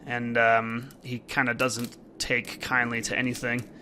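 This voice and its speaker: A man's voice: mid-range voice, monotone, a little slow, sharp tone, slight background noise. Casual young man rambling over gameplay. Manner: casual and rambling, with many fillers. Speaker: game reviewer. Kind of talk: let's-play commentary and reading dialogue aloud.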